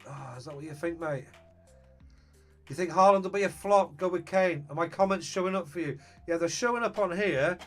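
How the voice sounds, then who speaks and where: A man's voice: a little high, a little fast, faint music behind. A man chatting casually on a live stream, greeting viewers and thinking aloud about his team.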